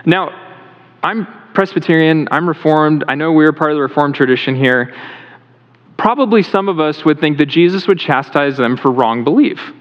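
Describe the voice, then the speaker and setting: A man's voice: on the high side, normal speed. A male pastor giving a conversational sermon in a church, asking the congregation questions as he goes. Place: church sanctuary. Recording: reverberant hall, dull lo-fi sound.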